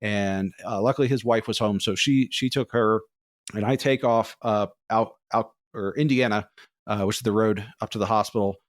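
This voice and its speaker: A man co-hosting a podcast, telling long, rambling personal stories in a casual, animated way. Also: on the low side, normal speed, no room sound, studio quality. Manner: rambling, animated, acts out quoted voices. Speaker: podcast co-host. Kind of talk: casual storytelling.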